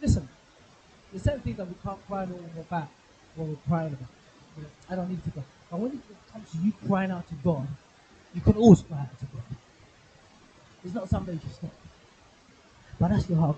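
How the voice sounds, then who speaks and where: Man, evangelist, high voice, very mellow tone, muffled church recording, faint hiss. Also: a little fast, long pauses. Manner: fervent, repetitive pleading prayer. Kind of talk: sermon with prayer and tongues. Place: church hall.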